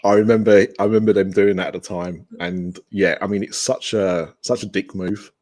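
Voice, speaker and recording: A man's voice: sits low, steady tone, brisk, darkish tone. A man guesting on a podcast over a video call, talking enthusiastically in a rambling way with restarts. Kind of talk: casual remote interview chat.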